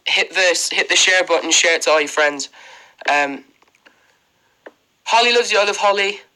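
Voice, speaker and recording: Young irish guy on a phone live, bright fairly high voice, rambly, lots of ums, thanking everyone. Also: moderate pace, clean tone, rough recording. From Ireland. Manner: rambling, fillers, thanks viewers one by one. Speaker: livestream host. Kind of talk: casual livestream chat reading comments. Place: bedroom indoors. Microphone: phone held close.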